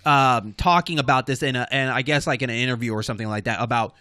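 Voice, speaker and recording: A man's voice: mid-range voice, quick pace, bright, forceful tone, dry recording, clean studio sound. A man co-hosting a casual video game news podcast, talking in a loose, rambling way with plenty of fillers. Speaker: podcast co-host. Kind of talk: casual gaming news chat.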